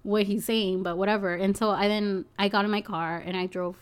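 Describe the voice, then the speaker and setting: A woman's voice: medium pitch, fairly even intonation, fairly quick, smooth. A young woman chatting casually, telling a story in a rambling way, filling gaps with "like" and "you know", swearing and laughing now and then. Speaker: package delivery driver.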